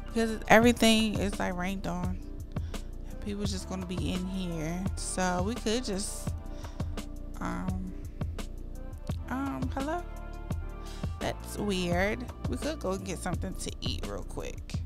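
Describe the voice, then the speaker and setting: A woman giving casual, expressive gameplay commentary as a gaming creator, chatty and at times heated and dramatic. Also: mid-range voice, slow, vocal fry, pauses often, music in the background.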